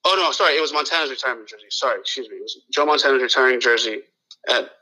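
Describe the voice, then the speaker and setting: A man from the Los Angeles area, a guest on what sounds like a talk radio show, tells a long, rambling story in casual chat. His voice is very bright and sharp, medium in pitch and racing along, and the recording is rough. He swears freely, keeps restarting his sentences and acts out the lines of the people in the story.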